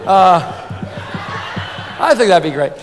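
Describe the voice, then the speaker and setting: A man speaking as a sportswriter gives a humorous award speech at a banquet podium, rambling through a comic story filled with "right?" asides. His voice is high with big pitch swings and slow delivery, over a noisy background and long banquet-hall reverb.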